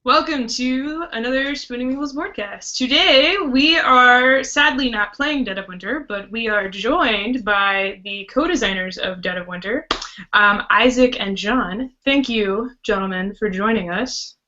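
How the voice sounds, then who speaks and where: Bright chatty woman hosting. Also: fairly high pitch, a little slow. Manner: chatty, rambling, with restarts. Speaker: podcast host. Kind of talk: casual live-stream chat. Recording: muffled web call audio.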